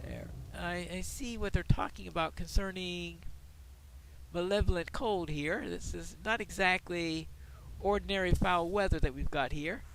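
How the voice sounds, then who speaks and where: A man's voice: high-pitched, a little slow, noisy background. A man giving casual gameplay commentary, chatting and explaining the game mechanics as he plays.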